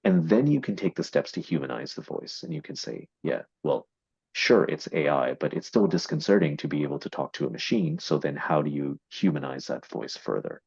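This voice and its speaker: A man's voice: extremely low pitch, lively intonation, fairly quick, gravelly, darkish tone, slightly rough, no echo. A man explaining AI marketing in a business discussion, with many fillers and repeated words. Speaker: AI investment marketing executive. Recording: dull, dry lo-fi audio.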